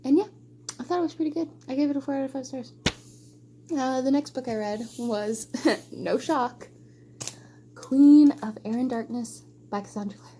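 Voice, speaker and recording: A woman's voice: sits high, normal speed, pauses often, dark tone, slight background noise. A young woman chatting casually about books she read, gushing and emotional with lots of rambling asides. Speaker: book vlogger. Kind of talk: casual book wrap-up chat.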